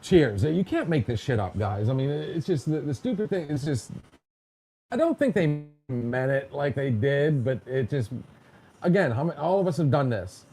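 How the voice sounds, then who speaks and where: A man's voice: a little high, big pitch swings, moderate pace, warm tone, a little hiss or hum. A man hosting a casual podcast, telling stories in a chatty, joking way and mimicking other people in quotes. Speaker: podcast host. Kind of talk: casual storytelling chat.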